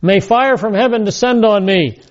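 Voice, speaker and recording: A man's voice: high-pitched, lively intonation, moderate pace. A man acting out a frightened male disciple who insistently swears he is telling the truth. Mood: emphatic. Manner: emphatic, insistent. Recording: dull lo-fi recording.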